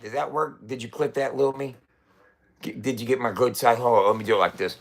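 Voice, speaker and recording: A man's voice: medium pitch, fairly quick, fairly bright tone, breathy edge. A middle-aged man ranting in a casual, profane way, swearing often and coughing between lines. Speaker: website founder ranting to camera.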